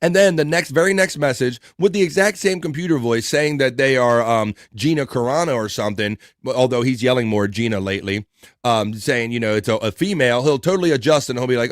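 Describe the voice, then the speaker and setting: A man's voice: mid-range voice, a little fast, dry recording, clean studio sound. A man hosting a live stream, reading chat messages aloud and chatting casually, often chuckling. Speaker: host.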